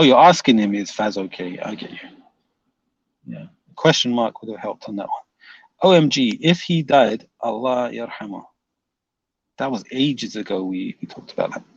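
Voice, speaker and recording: A man's voice: medium pitch, creaky, slightly rough, no echo, dull audio. A man hosting a casual livestream, reading viewer comments aloud and teasing them, laughing often.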